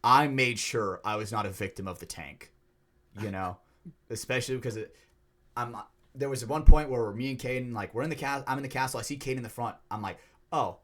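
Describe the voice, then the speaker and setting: A man co-hosting a podcast, telling a story in a lively, profane, casual way. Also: medium pitch, brisk. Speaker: podcast co-host. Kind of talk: casual chat.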